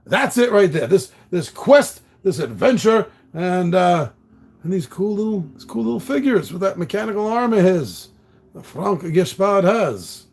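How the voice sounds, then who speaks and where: A man's voice: high voice, sing-song, a little slow, a little mellow. A man hosting a solo tabletop game playthrough, reading the story text dramatically with casual asides. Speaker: host.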